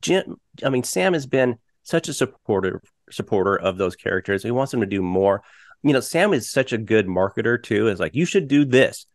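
A man's voice: fairly low pitch, lively intonation, brisk, dry recording, studio quality. A man co-hosting a podcast, recapping a radio show in a rambling, chatty way. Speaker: podcast co-host. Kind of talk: casual recap chat.

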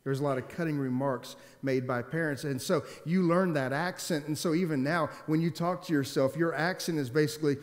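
Pastor guy preaching, kinda higher voice, punchy and repeats himself a lot, long echo off the hall. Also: fairly quick, hardly any pauses. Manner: emphatic, repeats key phrases, asks the congregation questions. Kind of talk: sermon.

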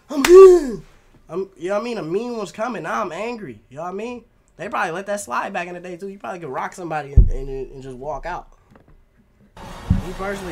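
A man hosting a basketball reaction video, excitable and full of slang, always asking if you know what he means. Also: high-pitched, a little hiss or hum. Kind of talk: casual reaction commentary.

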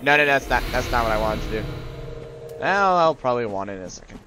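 A man giving live gameplay commentary as a let's-play host, excitable and joking to himself, yelling at enemies. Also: mid-range voice, fast talker, over music.

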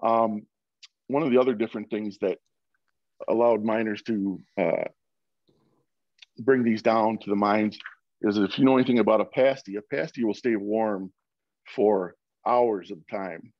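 A man's voice: lowish voice, dry recording, muffled recording. A man from Michigan giving an informal presentation over a video call, with many fillers and restarts. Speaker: guest speaker.

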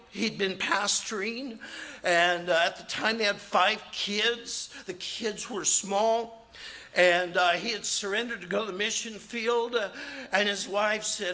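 A man preaching as an evangelist, animated, acting out quotes in his sermon. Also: high voice.

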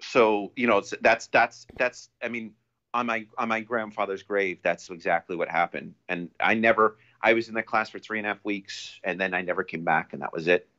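A man talking as a podcast guest in a casual, rambling way, restarting often and getting animated when he quotes people. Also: on the low side, moderate pace. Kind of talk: casual storytelling. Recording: dull lo-fi audio.

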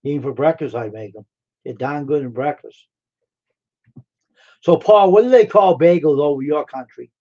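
A man's voice: fairly high pitch, normal speed, pauses often. Rambling man on a lo-fi live stream. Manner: rambling and friendly, full of fillers and repeats. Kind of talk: casual live stream chat with viewers. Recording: dull lo-fi stream audio.

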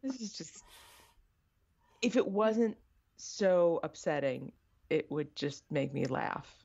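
A woman's voice: low voice, animated, gravelly, darkish tone. Jokey woman co-host, lo-fi sound. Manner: jokey, quick quips. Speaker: podcast co-host. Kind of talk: casual chat.

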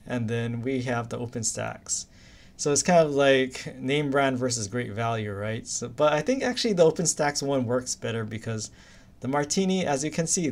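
A man's voice: medium pitch, a little mellow. A man from Hawaii, teaching an anatomy lecture in a casual, chatty way. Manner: casual, chatty, uses silly memory stories. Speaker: anatomy instructor. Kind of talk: recorded lecture.

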